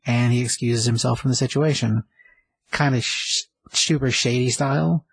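A man's voice: medium pitch, fairly even intonation, moderate pace, gravelly, husky, dry recording, poor audio. A man casually retelling a TV episode, rambling with lots of fillers. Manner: rambling, filler-heavy, conversational. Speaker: show recapper.

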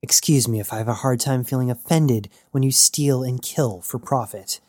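A man reading an audiobook, voicing a broke, sarcastic woman bounty hunter with a deadpan delivery. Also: mid-range voice, normal speed, no room sound, clean studio sound, natural voice.

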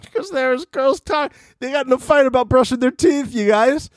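A man co-hosting a casual recap podcast, animated and swearing often, acting out what people said. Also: extremely high pitch, normal speed, no echo, studio quality. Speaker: podcast co-host.

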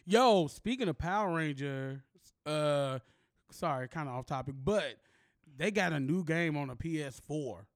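A man's voice: on the high side, animated, a little slow, no echo, studio quality. A man hosting a casual podcast, talking in loose slang and laughing often. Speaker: podcast host. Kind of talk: casual chat.

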